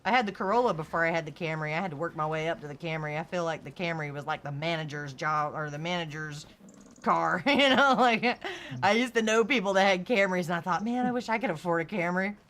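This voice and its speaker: A woman's voice: deep voice, brisk, a bit bright. A woman streamer chatting casually, telling car stories and laughing often. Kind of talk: casual chat.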